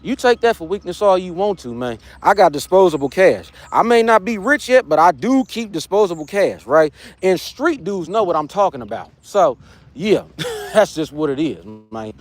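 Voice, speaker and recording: A man hosts a livestream and rants about people who waste his time. His voice sits high and swings widely in pitch, jumping from low mutters to sharp peaks. He swears freely and keeps checking in with viewers. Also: very animated, normal speed, dry recording. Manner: heated, profane, street slang, repeats "you know what I'm saying". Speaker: livestream host. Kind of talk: casual livestream rant.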